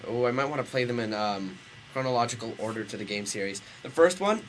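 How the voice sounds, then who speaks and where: A man's voice: medium pitch, lively intonation, quick pace, a bit bright, slight background noise. A man co-hosting a casual radio show, chatty and rambling with lots of fillers. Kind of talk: casual radio chat and reading fan fiction.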